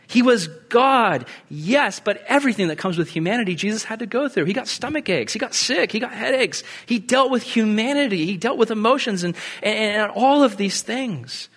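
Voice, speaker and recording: A man preaching a sermon in an animated, conversational way with casual asides. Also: sits high, normal speed, hardly any pauses. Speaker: pastor.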